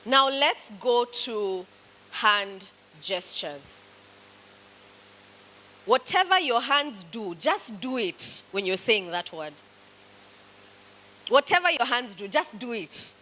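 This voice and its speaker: Slow, bright-voiced Kenyan woman teaching. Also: fairly high pitch, sing-song, slight background noise, low-quality recording. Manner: slow, coaching, encouraging commands. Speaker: public speaking teacher. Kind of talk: classroom instruction. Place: classroom.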